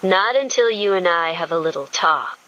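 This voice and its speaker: A woman narrator voicing a confident male billionaire playboy who speaks low and flatly. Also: normal speed, highs cut off. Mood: teasing. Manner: low murmuring, flat and teasing.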